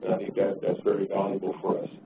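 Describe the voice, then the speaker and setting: Low-pitched, monotone and quick, a transportation agency director presents at a conference in a casual way, frequently repeating words while gathering his thoughts. Captured from a distance, the audio is tinny, echoey and noisy.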